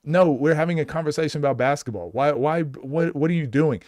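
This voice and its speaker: A man's voice: on the high side, brisk, darkish tone, no echo, studio quality. A man coaching basketball, giving blunt, exasperated live commentary and restarting his sentences often.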